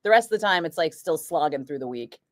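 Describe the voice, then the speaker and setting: A woman radio DJ with a low voice talks quickly in a radio studio, recorded on a studio microphone with clean sound and no echo. Chatting casually with a live stream, she tells an animated story, acts out other people's voices, and says "like" a lot.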